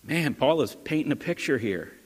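A man's voice: mid-range voice, animated, moderate pace. A male pastor giving a sermon in an earnest, conversational way, asking his listeners questions. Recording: long hall reverb.

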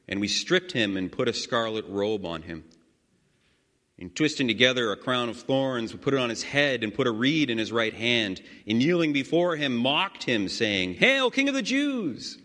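A man leading a guided scripture meditation, reading slowly and earnestly with sudden swells of emphasis. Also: fairly low pitch, a bit bright. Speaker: prayer leader. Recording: long hall reverb.

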